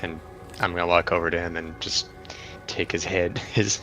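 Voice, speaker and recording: A man playing a tabletop game, describing his character's actions calmly. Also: deep voice, moderate pace, over music. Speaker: player.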